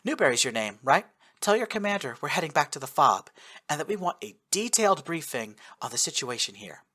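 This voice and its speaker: A man voicing a female military commander with a brisk, commanding manner. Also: fairly high pitch, sing-song, bright, forceful tone, exaggerated voice.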